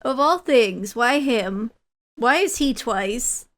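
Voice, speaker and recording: A woman's voice: a little high, expressive, slow. A woman co-hosting a podcast, chatting casually and making dry, joking asides. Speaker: podcast co-host. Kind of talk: casual chat.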